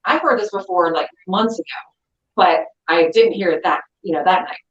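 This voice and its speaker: A middle-aged woman, a guest, telling a story in an animated, lively way over a video call. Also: on the low side, normal speed, echoey room, muffled recording, slight background noise. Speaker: guest, crystal seller. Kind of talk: casual storytelling chat.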